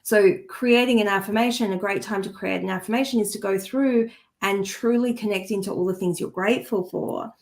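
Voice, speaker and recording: A woman's voice: medium pitch, steady tone, fairly quick. Earnest woman co-host, heartfelt coaching. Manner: restarts sentences while searching for words. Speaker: co-host and energy healer. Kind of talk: casual podcast chat.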